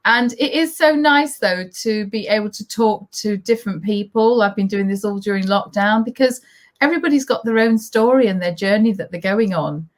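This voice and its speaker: A woman's voice: mid-range voice, moderate pace. A woman hosting a casual interview, reading out viewer comments and laughing often. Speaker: host.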